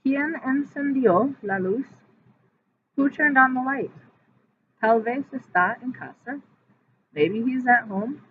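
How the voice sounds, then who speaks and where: A woman's voice: high-pitched, slow, pauses often, voice pushed up. A woman reading a teenage girl's lines. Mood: curious. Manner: reads each line then translates it. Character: teenage girl in a textbook dialogue. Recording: tinny phone-like audio with faint hiss.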